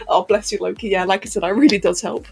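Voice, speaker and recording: A woman's voice: medium pitch, vocal fry, darkish tone, slightly rough. A woman chatting casually on a live stream, hyper and giggly, answering chat messages as she goes.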